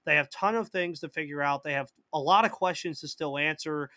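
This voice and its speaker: A man's voice: on the high side, fairly quick, bright, forceful tone, no room sound. A man hosting a live sports podcast in casual chat, reading out viewer comments and answering them, with a slight cough. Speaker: podcast host.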